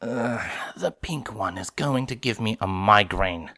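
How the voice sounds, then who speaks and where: A man's voice: lowish voice, expressive, a little slow, bright, forceful tone, dry recording, clean studio sound, heavily acted. A man reading a fan story aloud, voicing an irritable pony princess of the night who speaks in a formal, archaic way. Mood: irritated. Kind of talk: fanfiction audiobook reading.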